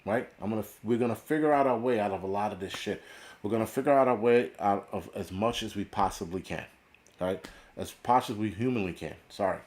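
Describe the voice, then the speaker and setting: Host, middle-aged American man, lowish voice, blunt swearing rant, lots of restarts. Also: a little fast, a little mellow. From United States. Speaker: prepper channel host. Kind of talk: profane casual livestream rant.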